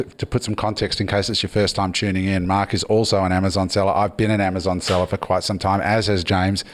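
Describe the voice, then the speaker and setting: A man hosting a podcast in a casual interview, easygoing and framing the talk for listeners. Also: low voice. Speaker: podcast host.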